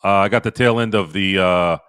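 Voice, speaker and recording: A man's voice: deep voice, a little fast, fairly bright tone, clean tone, dry recording, studio quality. A man hosting a casual sports live stream, rambling and repeating himself as he answers viewers' comments. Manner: rambling, repeats himself, talks to chat by name. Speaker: sports podcast host. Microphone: streaming microphone.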